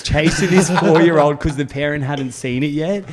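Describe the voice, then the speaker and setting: A man's voice: fairly high pitch, normal speed, crowd noise. Laughing man telling a story. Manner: swears freely, laughs through his stories. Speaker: podcast co-host. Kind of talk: casual chat, storytelling.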